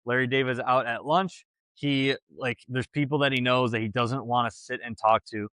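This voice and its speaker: A man co-hosting a podcast, chatting casually and telling stories with lively quoted voices. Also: normal speed, dry recording. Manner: animated storyteller, jumps pitch when quoting people. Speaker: podcast co-host. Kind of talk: casual chat.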